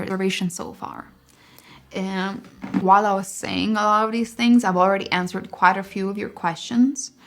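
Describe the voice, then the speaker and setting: A young woman, a singer, telling stories to camera in a loose, rambling way, full of fillers and lively asides. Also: mid-range voice, gravelly. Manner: rambling, filler-heavy, animated storytelling. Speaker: singer and songwriter. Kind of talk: casual storytelling to camera.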